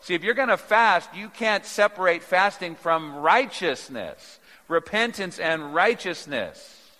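A man preaching a sermon, swinging from quiet, low asides to loud, emphatic peaks. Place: church sanctuary. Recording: long reverb of a large hall.

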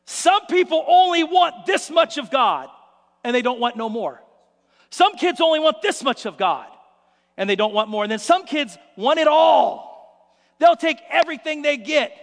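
A man preaching a sermon as pastor, telling stories in an animated way and acting out the scenes. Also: extremely high pitch, normal speed, long reverb tail.

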